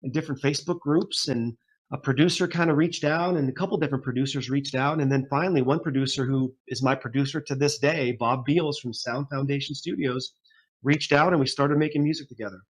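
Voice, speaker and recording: A man's voice: mid-range voice, a little fast. A man in his forties, a guest musician telling his story in a rambling, casual interview, laughing often.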